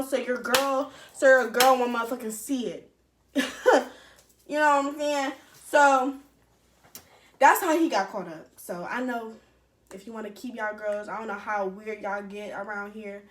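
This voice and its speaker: A young adult woman telling a personal story casually to her camera, animated, profane and candid, talking straight to her viewers. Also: fairly high pitch, unhurried. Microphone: camera set up in front of her.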